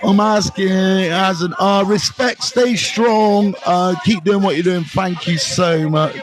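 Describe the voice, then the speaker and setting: A man's voice: sits high, slow, music in the background. A middle-aged British man hosting a casual live stream as a recovery mentor, blunt and jokey, swearing freely as he talks. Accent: British English. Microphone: phone live stream.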